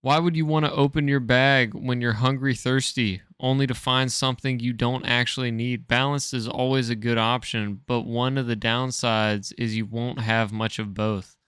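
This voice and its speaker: A man's voice: medium pitch, steady tone, moderate pace, few pauses, fairly bright tone, clear, resonant tone, dry recording, clean studio sound. A man co-hosting a podcast, reading a choose-your-own-adventure story aloud and stumbling over words with amusement.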